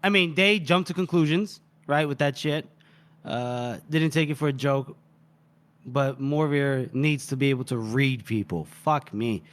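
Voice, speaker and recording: A man's voice: medium pitch, measured pace, a bit bright. A man co-hosting a book podcast, casually retelling a chapter, swearing and laughing as he goes. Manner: laughing, swearing, acts out characters while retelling. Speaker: podcast co-host.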